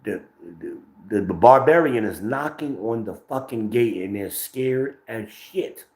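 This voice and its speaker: A man's voice: mid-range voice, expressive, unhurried, darkish tone. Brash profane New Jersey man on a phone. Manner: brash, profane, rambling, laughs often. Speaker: podcast host. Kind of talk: profane livestream commentary. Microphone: phone microphone. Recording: roomy phone recording.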